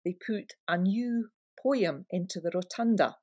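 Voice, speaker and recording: A woman's voice: fairly low pitch, measured pace, hardly any pauses, a little mellow. A Scottish woman and tour guide co-hosting a podcast, chatting and explaining with enthusiasm. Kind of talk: casual podcast chat.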